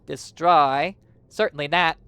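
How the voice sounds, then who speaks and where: A man voicing a cryptic, aloof woman scholar who speaks calmly and with condescension, his voice gravelly. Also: fairly high pitch, exaggerated voice. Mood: lecturing. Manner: calm, measured, condescending.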